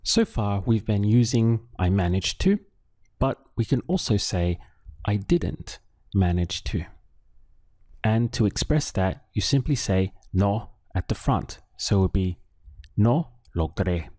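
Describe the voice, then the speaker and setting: A man with a low, mellow voice gives a language lesson at an unhurried pace. He speaks patiently and leaves pauses for the listener to answer, recorded dry and close. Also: lively intonation, no room sound. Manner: slow, patient, with drill pauses. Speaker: Spanish teacher.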